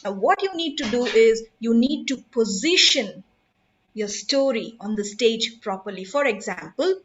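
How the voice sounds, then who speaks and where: A woman's voice: on the high side, animated, a little slow, highs cut off. A woman, teaching public speaking in an emphatic, instructive way and putting questions to her audience. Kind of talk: online workshop talk.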